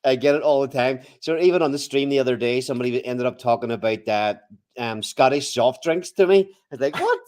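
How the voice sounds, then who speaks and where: An Irish man talks as a guest in a casual interview, his voice sitting in an ordinary middle pitch. He keeps an easygoing tone and laughs often. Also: brisk, a little mellow. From Ireland. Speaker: guest, game developer.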